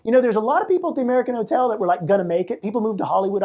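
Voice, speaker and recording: A man in his fifties, interviewed as an art magazine publisher, reminiscing in a casual, animated and profane way and slipping into other people's voices. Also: high-pitched, very fast.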